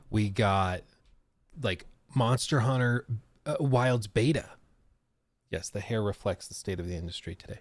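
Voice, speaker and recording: Male stream host: slow, animated delivery, wry asides, dry close sound. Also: on the low side, no room sound. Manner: chatty, relaxed, with fillers and wry asides. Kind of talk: casual live-stream chat.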